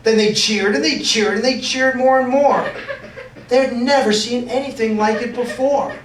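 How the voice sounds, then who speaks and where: A man's voice: extremely high pitch, moderate pace, fairly bright tone, slight background noise. A man reading a picture book aloud to children, playful and full of sound effects, heard in an echoey room from a distance.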